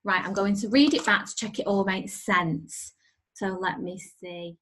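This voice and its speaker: A woman teaching a recorded spelling lesson to young children, speaking clearly and encouragingly and drawing her words out. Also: mid-range voice, normal speed, a bit bright, slight background noise. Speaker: primary school teacher.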